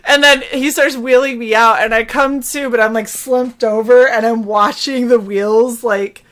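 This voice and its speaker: High-voiced woman telling a story. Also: a little slow. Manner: animated storyteller, acts out quoted voices, laughs often. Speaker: co-host of a chill stream. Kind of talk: casual storytelling chat.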